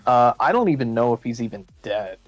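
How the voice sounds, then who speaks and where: A man of middle pitch talks haltingly, restarting his sentences as a guest on a live stream. His voice is dry and close to the mic, with faint music in the background. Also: animated, dry recording, muffled recording. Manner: hesitant, halting, many restarts. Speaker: panel guest. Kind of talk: casual live-stream chat.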